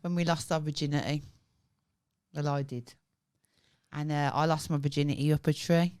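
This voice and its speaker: A young woman co-hosting a casual podcast, giggling often and reacting with quick exclamations. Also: sits low, steady tone, darkish tone, smooth. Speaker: podcast co-host. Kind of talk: casual chat.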